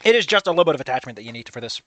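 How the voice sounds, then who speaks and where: A streamer giving animated, swear-filled commentary while playing through a story game. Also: mid-range voice, racing. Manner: animated, swearing, laughing often.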